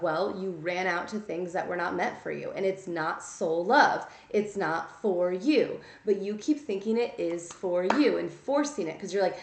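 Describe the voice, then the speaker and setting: Gravelly-voiced woman giving a blunt tarot reading. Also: lowish voice, normal speed, few pauses. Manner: blunt, chatty and scolding, full of "like" and "okay?". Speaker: tarot reader. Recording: echoey room.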